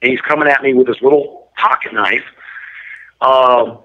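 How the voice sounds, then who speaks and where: A man's voice: mid-range voice, steady tone, normal speed. A man giving an interview and telling a story in a blunt, matter-of-fact, detailed way. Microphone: prison phone line. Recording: muffled lo-fi line.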